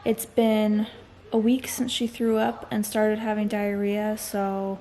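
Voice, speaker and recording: A woman's voice: mid-range voice, completely flat delivery, slow pace, warm tone. A woman vlogging as a mom, chatting frankly and tiredly and laughing often. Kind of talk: casual vlog chat.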